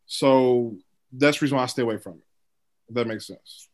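A man's voice: medium pitch, a little fast. A man comedian in a panel discussion, speaking hesitantly with many fillers.

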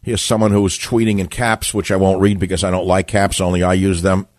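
An older male talk radio host with a low, dry voice, opinionated and combative. He talks to listeners and callers, wandering into side remarks as he goes. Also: flat delivery, a little fast, no room sound. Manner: combative, opinionated, rambling asides. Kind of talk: talk radio monologue and call-in.

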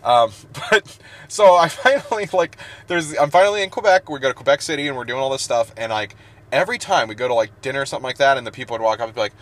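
A man's voice: mid-range voice, fast. A man co-hosting a podcast in casual chat, telling stories with jokey asides. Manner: animated storyteller, jokey asides. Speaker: podcast co-host.

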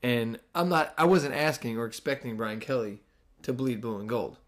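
A man's voice: medium pitch, moderate pace. Sarcastic New Jersey podcast host, man. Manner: sarcastic, animated, swears casually. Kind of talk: casual solo podcast rant.

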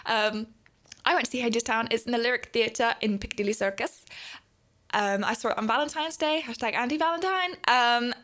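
A woman's voice: fairly high pitch, brisk, a bit bright. A bubbly young woman, hosting a student radio show in a rambling casual chat that is full of laughs. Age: young adult.

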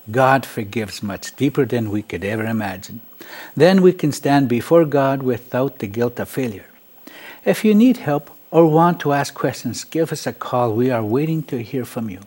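Male radio host, mid-pitched; calm, earnest scripted narration, explanatory tone.

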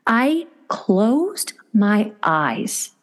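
A woman co-host in casual chat, with a voice of ordinary middle pitch. She tells her stories in an animated way and slips into playful voices for the people she quotes. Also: extremely slow. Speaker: podcast co-host.

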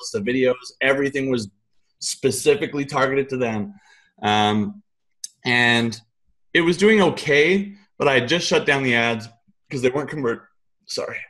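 A man as an interview guest, telling a casual, animated story in loose, colloquial speech with some swearing. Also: mid-range voice. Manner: animated, acts out his own quoted thoughts.

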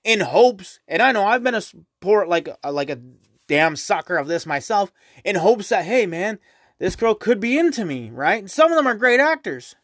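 A man's voice: sits high, big pitch swings, moderate pace, a bit bright, dry recording, studio quality. A young man hosting his own podcast, ranting casually and profanely, rambling and tagging his points with "right?". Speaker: podcast host. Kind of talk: casual solo podcast rant.

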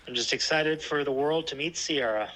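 Man, casual podcast chat, laid-back, dry humor, bright forceful voice. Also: on the high side, moderate pace, low-quality recording. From lives in Texas.

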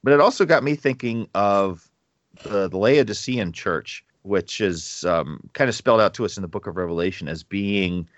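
A man co-hosting a podcast, talking through a Bible passage in a reflective, halting way with many restarts. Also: on the low side, dry recording, highs cut off. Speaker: co-host of a Bible study podcast. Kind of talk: casual Bible discussion.

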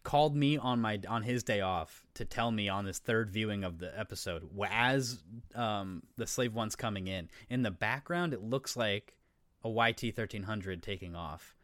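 Lower-voiced man rambling in casual chat. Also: normal speed, a bit bright, no room sound. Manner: rambling, swears casually, explains eagerly. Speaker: podcast co-host.

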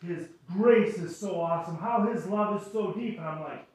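In a church sanctuary, a man with a high, slightly mellow voice preaches at a moderate pace. It's a chatty sermon of stories, playful character voices and self-deprecating humor, recorded with heavy room echo and the mic well away from him.

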